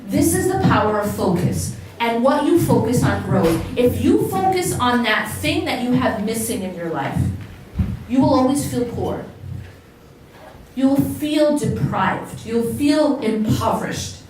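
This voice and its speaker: A woman's voice: on the high side, very animated, measured pace, darkish tone. A woman giving a religious lecture to a live audience, talking conversationally and asking the listeners questions. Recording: echoey hall, voice from far off, faint noise.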